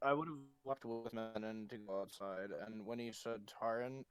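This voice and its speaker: A man's voice: fairly low pitch, fairly even intonation, moderate pace, few pauses, clean tone, no room sound, rough recording. A man playing in a casual tabletop game, sarcastic and teasing. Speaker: player.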